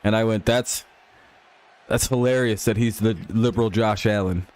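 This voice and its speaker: A man's voice: lowish voice, steady tone, moderate pace, a little mellow. A man hosting a live stream, chatting casually with viewers over a football game and joking with profanity and frequent laughs. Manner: joking, profane banter with chat, laughs often. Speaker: livestream host.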